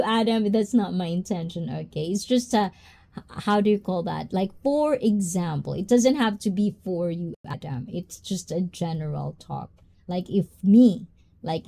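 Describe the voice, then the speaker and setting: Slow, mellow-voiced woman host chatting. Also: on the low side, gravelly. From Japan. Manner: reflective, drawn-out, with many fillers and asides. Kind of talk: casual live-stream chat.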